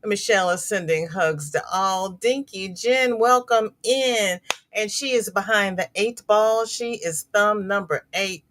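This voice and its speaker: A woman's voice: mid-range voice, big pitch swings, slow pace, fairly bright tone. A middle-aged woman hosting a crochet livestream, chatting casually with viewers and reading their comments, sympathetic and prone to repeating words.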